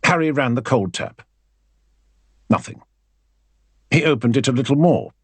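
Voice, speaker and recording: A man narrating an audiobook in a wry, expressive storytelling manner. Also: medium pitch, unhurried, slightly rough, no echo.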